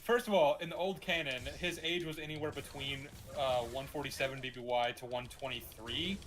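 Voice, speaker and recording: A man in casual gaming chat over a call, talking in animated, swearing rants with stammered restarts. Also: medium pitch, fairly quick. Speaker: co-host.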